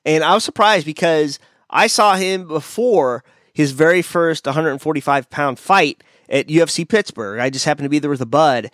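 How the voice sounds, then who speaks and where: A man hosting a casual fight-pick chat, his somewhat high voice blunt and opinionated. He talks through fighters' records in a loose, offhand way. The sound is dry and close over a video call. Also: moderate pace, fairly bright tone, no echo. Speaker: podcast host.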